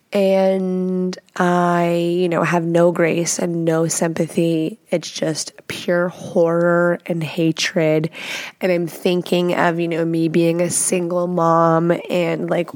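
A woman podcast host telling a story in casual, confessional chat. She talks frankly and profanely, in an animated way, and laughs often. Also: on the low side, no echo.

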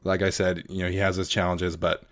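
A man with a very low voice speaks in a relaxed, measured way in a casual podcast chat. He leans on small fillers while he lines up his thoughts. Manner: measured, laid-back, many fillers. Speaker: podcast co-host.

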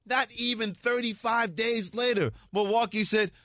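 A man's voice: very high voice, normal speed, no echo. A man co-hosting a sports radio show in a studio, telling news with playful, laughing energy. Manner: animated, laughing, playful storytelling. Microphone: studio microphone.

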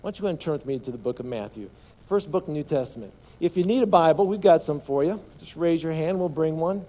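A man preaches a sermon in a mellow, somewhat high voice. He asks the congregation questions and has them answer. He often stumbles and repeats words before pushing on. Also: lively intonation, fast talker. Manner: call-and-response with congregation. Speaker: pastor.

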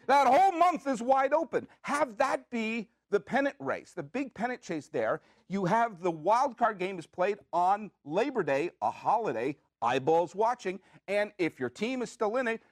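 With a high-pitched voice, a man runs a podcast from the studio, launching into a jokey, animated comedic monologue of playful rants and questions aimed at himself. The sound is clean studio audio with no room sound.

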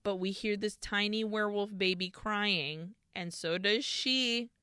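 A woman's voice: medium pitch, a little slow, sharp tone, clean tone, dry recording, studio quality. A woman co-hosting a podcast, retelling a film's scenes in detail in casual chat. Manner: retells scenes in detail, laughs when emotional. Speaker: podcast co-host. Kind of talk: casual film recap chat.

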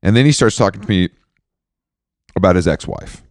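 A man's voice: sits low, darkish tone, dry recording, studio quality. A man co-hosting a podcast, telling a long story in a casual, rambling way and acting out what others said. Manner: rambling storyteller, quick laughs, acts out quotes. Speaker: podcast co-host.

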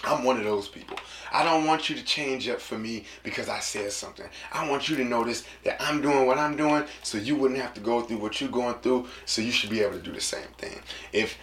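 A man talking casually to listeners in an animated, slangy way, acting out quotes in a lower voice. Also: brisk, reverberant, a little hiss or hum.

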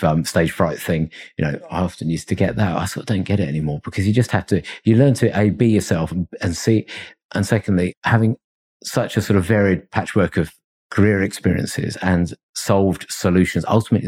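Brief: middle-aged male guest, deep husky voice, reflective and meandering. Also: darkish tone. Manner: reflective, rambling with fillers and chuckles. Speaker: consultancy founder, podcast guest. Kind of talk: conversational interview.

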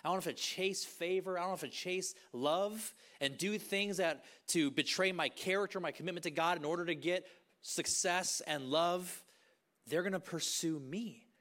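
A man's voice: high-pitched, normal speed, fairly bright tone. A middle-aged man preaching a sermon in a conversational way, acting out bits of dialogue and often restarting phrases. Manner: conversational, acts out voices, many restarts. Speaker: pastor.

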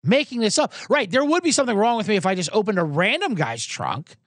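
A man's voice: sits high, sing-song, fast talker, no echo, clean studio sound. A man hosting a podcast, ranting sarcastically and telling profane stories with acted-out quotes. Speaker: podcast host. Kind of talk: comedic rant.

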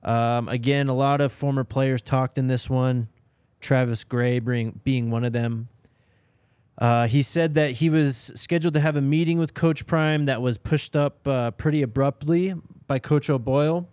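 A man co-hosting a sports podcast in casual chat, relaxed and giving quick "yep" replies. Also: medium pitch, clear, resonant tone, no echo. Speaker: podcast co-host.

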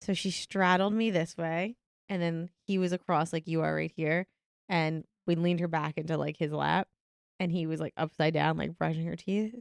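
A woman's voice: sits low, normal speed, vocal fry, smooth, no room sound, studio quality. A woman in her thirties co-hosting a casual chat podcast, telling a story with lots of swearing and laughter. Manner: animated storyteller, swears freely, laughs often. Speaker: podcast co-host.

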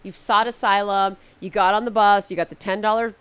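A woman's voice: medium pitch, fairly even intonation, fairly quick, a bit bright, smooth. A woman co-hosting a podcast in casual chat, sarcastic, joking and irreverent. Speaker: podcast co-host.

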